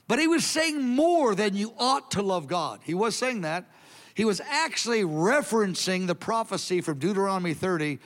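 A man's voice: sits high, very animated, moderate pace, a bit bright. A man preaching a sermon in an earnest, emphatic way, then leading a prayer. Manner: earnest, emphatic, quoting scripture in a raised voice.

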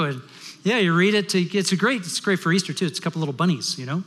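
Middle-aged male pastor, somewhat high voice, storytelling sermon, echoing sanctuary. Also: animated, fast talker, husky. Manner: storytelling, shifting from loud to hushed. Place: large worship hall. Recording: long hall reverb.

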